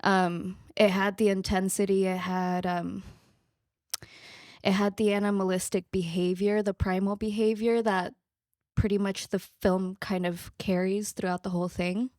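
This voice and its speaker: A woman's voice: mid-range voice, level tone, unhurried, darkish tone, no echo, clean studio sound. A woman actress speaking as a guest in a casual podcast conversation, earnest, effusive and grateful.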